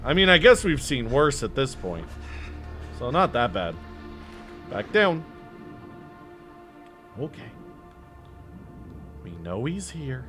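A man commentating his own horror game playthrough, excitable and jokey, swearing freely and talking to himself. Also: medium pitch, takes it slowly, pauses often. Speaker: gaming streamer. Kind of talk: let's-play commentary. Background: game music and sounds.

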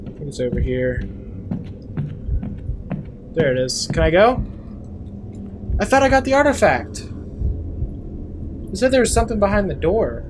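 A man's voice: high-pitched, sing-song, normal speed, long pauses, background noise. A man playing a horror game and commentating, muttering to himself and swearing when he gets startled. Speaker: gameplay YouTuber.

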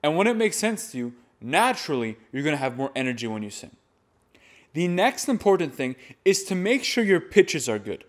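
Young guy teaching chant, a bit high pitched, explains then demos. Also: sing-song, moderate pace. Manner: demonstrates by reading and chanting examples. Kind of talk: instructional talk.

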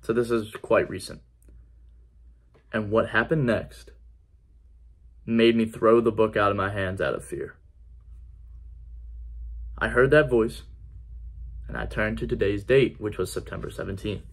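A man's voice: fairly low pitch, measured pace, gravelly, long pauses. A man giving an earnest personal faith testimony in a conversational vlog style, repeating key phrases for emphasis. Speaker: faith vlogger.

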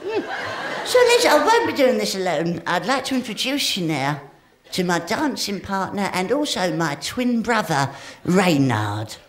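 Speaking a little slowly, with a medium pitch that swoops wildly, a woman does a cheeky, rambling stand-up set aimed straight at the crowd. Audience laughter and noise fill the echoey live room.

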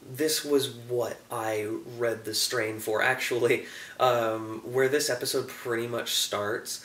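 A young man casually reviewing a TV episode, enthusiastic and acting out scenes in quick voices. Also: medium pitch, fairly even intonation, fairly bright tone, recorded from a distance. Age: young adult. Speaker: show reviewer. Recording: echoey room, a bit off-mic, faint hiss.

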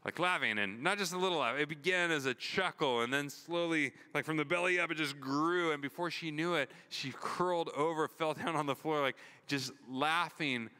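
A man's voice: fairly high pitch, moderate pace, hardly any pauses, bright, forceful tone, clear, resonant tone. A man pastor preaching in a conversational, earnest sermon, retelling a story with many repeats and "like"s. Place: church. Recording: long hall reverb.

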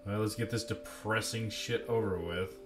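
A man's voice: lowish voice, fairly even intonation, normal speed, over music. A man giving casual gameplay commentary, playful and jokey, often talking to himself. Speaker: let's play commentator.

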